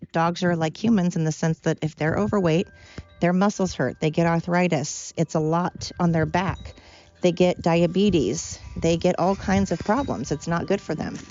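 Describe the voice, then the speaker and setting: Woman podcast host, low voice, opinionated and blunt, rambles freely. Dry, dull lo-fi recording. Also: a little mellow, no room sound. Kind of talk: casual solo monologue.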